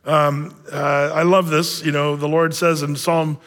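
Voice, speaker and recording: A man's voice: fairly high pitch, little pitch movement, measured pace, a bit bright, big-room sound. A male pastor delivering a conversational sermon, speaking with frequent fillers and restarts.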